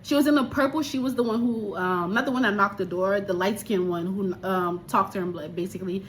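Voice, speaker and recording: A woman's voice: mid-range voice, fast, hardly any pauses, a little hiss or hum. A woman from Liberia chatting animatedly and exclaiming as she reviews a film. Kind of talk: casual movie review.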